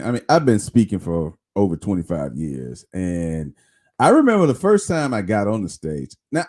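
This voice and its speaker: A man's voice: medium pitch, darkish tone. A middle-aged man hosting a podcast, chatting casually and reflecting on his own past. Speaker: podcast host. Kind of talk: casual interview chat.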